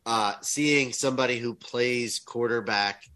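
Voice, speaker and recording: A man chatting casually as a podcast co-host, telling stories in an animated way and swearing freely. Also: unhurried, low-quality recording. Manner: animated storytelling, swearing, rises high when excited. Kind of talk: casual chat.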